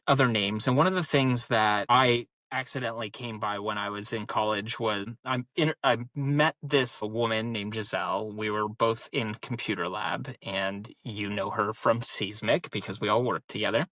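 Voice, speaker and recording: A man's voice: fairly low pitch, normal speed, few pauses, sharp tone, no room sound. A man in his thirties co-hosting a podcast, talking in a casual, rambling way and telling stories full of "like" fillers. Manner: rambling storyteller, many "like" fillers. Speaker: podcast co-host. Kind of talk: casual conversation.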